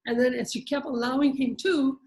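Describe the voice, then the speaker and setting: A woman's voice: sits high, fairly even intonation, a little fast, darkish tone, poor audio. A woman leading a group therapy session, coaching members in a direct, emphatic way.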